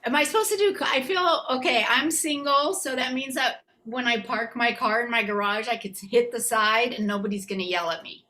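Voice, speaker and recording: A woman rambles through a self-deprecating stand-up set, full of ums and restarts. Her voice is bright and slightly high. She performs over a video call from her apartment. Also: a little fast, few pauses. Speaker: comedian.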